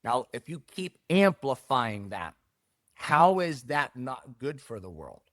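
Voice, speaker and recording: A middle-aged man, a jiu-jitsu academy owner, talking in a casual interview with emphatic, animated delivery and repeated key phrases. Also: mid-range voice, slow, no room sound, clean studio sound.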